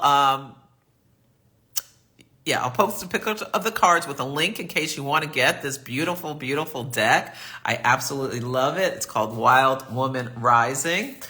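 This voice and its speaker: A man's voice: fairly high pitch, sharp tone. A man hosting a live astrology reading, chatty and affirming as he answers viewer comments. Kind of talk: live-stream reading and chat.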